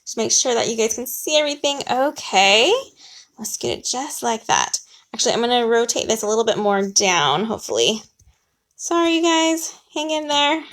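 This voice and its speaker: A woman's voice: on the high side, lively intonation, moderate pace, a bit bright. A woman hosting a casual card-stamping tutorial, chatty and upbeat, often apologizing and laughing as she sets things up. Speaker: host of a stamping craft class. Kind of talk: casual live craft tutorial.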